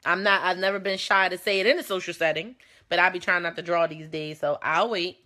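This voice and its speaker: A woman's voice: lowish voice, fairly even intonation, a little fast, bright, forceful tone. A young woman hosting a casual talk show, talking bluntly and animatedly, with plenty of swearing and a confrontational edge.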